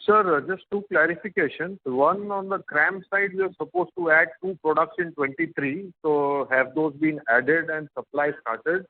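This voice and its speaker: A man's voice: on the high side, normal speed, hardly any pauses, no room sound. A male analyst with an Indian English accent asking careful, detailed clarifying questions on an earnings call. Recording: dry tinny phone line.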